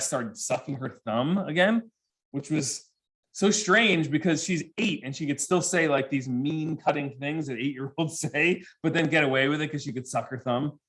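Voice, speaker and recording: A man in his forties giving a comedic keynote talk to students, telling stories with lively, animated delivery and acting out the voices of people he quotes. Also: mid-range voice. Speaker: keynote speaker. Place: virtual assembly with students present.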